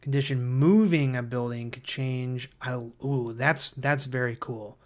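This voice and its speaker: A man hosting a livestream who reads viewer comments aloud and thinks out loud, hesitant and full of fillers, easily excited by ideas. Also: mid-range voice, measured pace. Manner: enthusiastic about ideas. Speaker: livestream host.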